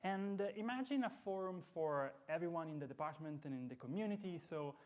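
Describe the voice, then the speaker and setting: A man's voice: a little high, lively intonation, brisk, darkish tone. Man hosting a music talk series. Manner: rambling, many fillers and restarts. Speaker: host and musicologist.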